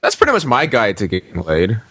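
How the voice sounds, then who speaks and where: Lively, joking man in casual chat. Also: on the low side, fairly quick, breathy edge, dry recording. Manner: joking, playful. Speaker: podcast co-host.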